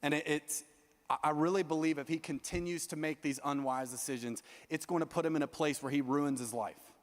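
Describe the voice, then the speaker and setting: A young male youth pastor preaches with a high, bright voice and real urgency, tripping over his words and restarting as he presses his point. His voice rings through a large hall with a long reverb tail. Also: brisk. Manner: earnest, animated preaching with frequent restarts. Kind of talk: sermon.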